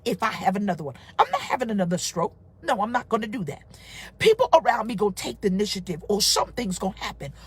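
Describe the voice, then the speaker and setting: Her voice high and husky, a middle-aged woman pastor delivers an informal, emphatic live-streamed sermon. She builds to shouting at times and reads comments from viewers aloud.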